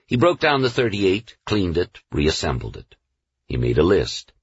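A man reading a novel aloud as a narrator, in a measured storytelling manner. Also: sits low, wildly swooping pitch, breathy edge, dry recording. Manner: measured storytelling, slows on lists. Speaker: audiobook narrator. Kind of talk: scripted narration. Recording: dull, dry studio recording.

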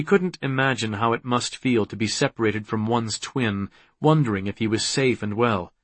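A man narrating an audiobook in a measured, unhurried reading. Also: medium pitch, dry recording. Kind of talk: scripted narration.

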